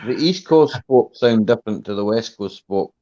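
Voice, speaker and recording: A man's voice: fairly low pitch, expressive, normal speed, mellow. A Scottish man hosting a casual online chat, chatty and easygoing, peppering his talk with "you know" and "eh". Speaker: livestream host. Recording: lo-fi call audio.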